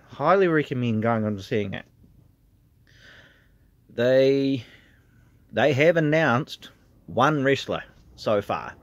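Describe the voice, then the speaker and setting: A man's voice: mid-range voice, lively intonation, slow, long pauses, no room sound. A man with a New Zealand accent, a trainee pro wrestler, talking earnestly and from the heart in a casual vlog, with lots of "um" and "you know". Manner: earnest and heartfelt, with frequent fillers.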